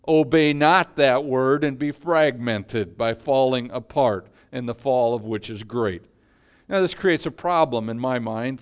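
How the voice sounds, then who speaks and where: A male pastor preaching a sermon in a measured way, letting his voice fall quiet at the ends of phrases. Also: medium pitch.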